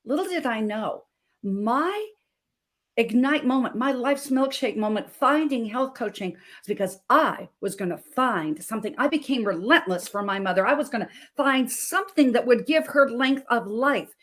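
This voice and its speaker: Passionate high-voiced woman health coach. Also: animated, moderate pace. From Montana. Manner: passionate, emphatic, repeats phrases. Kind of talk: emotional personal story on a talk show.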